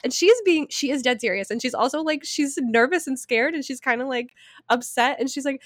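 A woman in her thirties chatting on a podcast, high-pitched and animated as she tells a story. She swears freely and laughs often. The sound is close and dry, with no room echo. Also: normal speed. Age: 30s. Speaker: podcast co-host. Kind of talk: casual chat.

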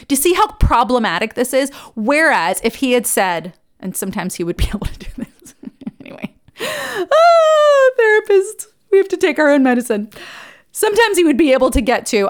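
A woman hosting a podcast, teaching in a lively conversational monologue and acting out quoted exchanges. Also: mid-range voice. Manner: animated, acts out quoted dialogue. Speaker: podcast host.

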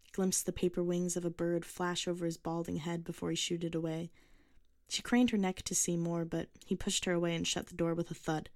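Low-voiced woman narrating a story. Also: flat delivery, moderate pace, a little mellow, dry recording, studio quality.

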